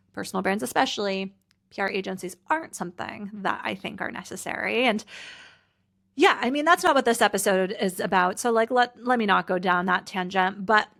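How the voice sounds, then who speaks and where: A woman's medium-pitched, creaky, slightly bright voice carries this casual solo podcast. She's a Canadian host and personal brand coach who sounds tired and a bit teary, chatting freely with many "like" fillers and laughing through her tears.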